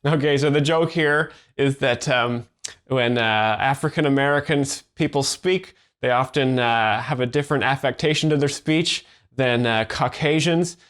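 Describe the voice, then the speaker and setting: Deadpan hesitant man explaining jokes. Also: mid-range voice, normal speed. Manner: deadpan, hesitant, many fillers and restarts. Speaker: joke explainer. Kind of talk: deadpan commentary.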